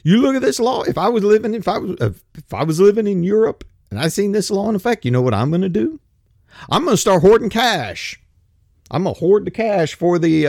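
A man's voice: high-pitched, vocal fry, darkish tone, no room sound, clean studio sound. A man giving a blunt, profane, rambling opinion monologue. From United States. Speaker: commentator.

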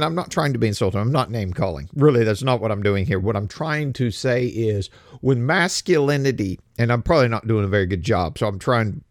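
A man, from America, giving a casual commentary monologue, halting and restarting phrases as he goes. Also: mid-range voice, dry recording, studio quality. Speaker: political commentator.

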